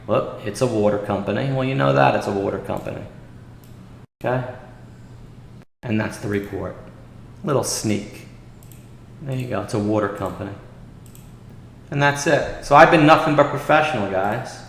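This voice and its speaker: A man's voice: mid-range voice, normal speed, vocal fry, pauses often. Indignant man in an echoey room. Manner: animated, indignant storytelling, reading messages aloud. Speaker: day trading show host. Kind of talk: casual livestream talk. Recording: echoey room with long reverb.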